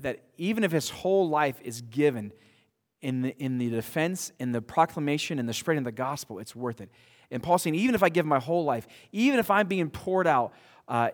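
Male pastor, sermon, average pitch, animated and repetitive, church hall reverb. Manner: animated, repeats words as he restarts, laughs at his own stories.

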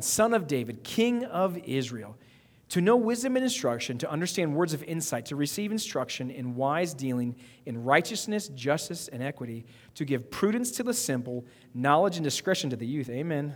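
A man preaching a sermon, building to emphatic outbursts and repeating phrases as he goes. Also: on the high side. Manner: preaching with emphatic rising outbursts and quick repetitions. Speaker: pastor. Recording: long reverb of a hall.

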